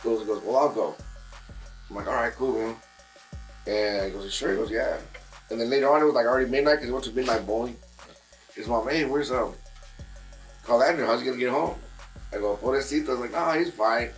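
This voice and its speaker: A man's voice: medium pitch, fast, long pauses, faint music behind, rough recording. Man telling a story in a barbershop. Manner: rambling storytelling with many fillers and restarts. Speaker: guest musician. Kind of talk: casual chat.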